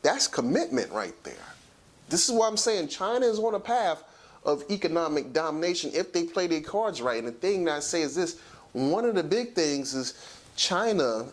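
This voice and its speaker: Animated man lecturing on a talk show. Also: fairly high pitch. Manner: lecturing, emphatic, slows down to stress points. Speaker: commentary show host. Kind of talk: solo talk commentary.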